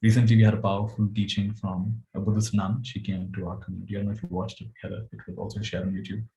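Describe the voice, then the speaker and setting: Male meditation teacher: low, dark, gravelly voice; gentle, chuckling storyteller. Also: flat delivery, fast talker, lo-fi sound, a little hiss or hum. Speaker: spiritual teacher. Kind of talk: dharma talk.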